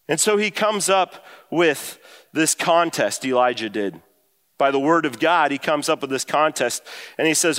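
A man preaching a sermon to his church, talking in an animated way that climbs higher when he quotes and drives home a point. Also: moderate pace, smooth. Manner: animated, rising pitch when quoting and emphasizing. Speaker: pastor. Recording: long hall reverb.

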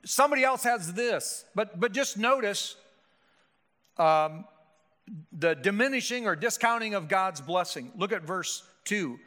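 A man's voice: sits high, lively intonation, a little slow, sharp tone. A male pastor preaching a sermon with emphatic, rhetorical delivery and frequent restarts. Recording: hall reverb.

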